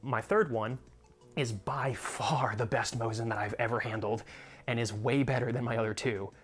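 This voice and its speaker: A man's voice: mid-range voice, steady tone, moderate pace, breathy edge. A young American man hosting a casual video about his collection, rambling with frequent laughs and free swearing. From United States. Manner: rambling, swears freely when annoyed, laughs often. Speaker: gun collector video host. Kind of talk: casual chat.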